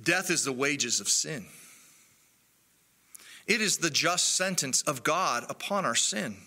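A man preaching a sermon in an earnest, measured way with emphatic pauses. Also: fairly high pitch, lively intonation, pushed and bright. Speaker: pastor.

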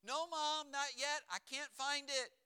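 A man's voice: very high voice, fairly even intonation, slow, pushed and bright, voice pushed up, full character voice. A man voicing his younger self as a sheepish boy caught playing.

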